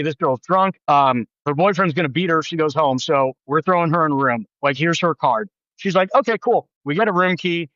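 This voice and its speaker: A man in his thirties, a podcast guest telling a story in casual chat, animated and acting out quoted voices with big pitch jumps. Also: dry recording, muffled recording.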